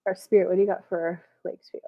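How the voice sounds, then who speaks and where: A woman's voice: on the low side, flat delivery, fast, dull audio. Breathless chatty woman live-streaming readings. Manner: chatty, meandering, many fillers and restarts. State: short of breath. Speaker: intuitive reader hosting a live stream. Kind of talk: casual live-stream chat with channeled messages.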